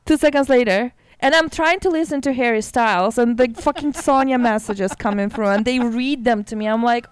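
Animated woman chatting on a podcast. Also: a little high, brisk, hardly any pauses, clear, resonant tone, dry recording. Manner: animated storytelling, acts out voices and phone sounds. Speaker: podcast co-host. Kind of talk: casual chat.

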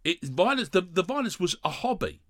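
A man hosting a podcast, with a slightly high voice that swings widely in pitch. The sound is dry and close. He talks expressively and asks leading questions. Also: big pitch swings, a little fast, no room sound. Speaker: podcast host. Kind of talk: conversational interviewing.

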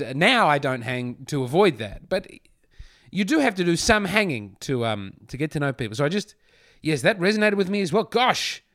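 A man with a fairly high voice hosts a comedy podcast. He reads a letter aloud in a playful way and keeps cutting in with wry asides. Faint music plays behind him. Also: a bit bright, no echo, clean studio sound. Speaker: podcast host.

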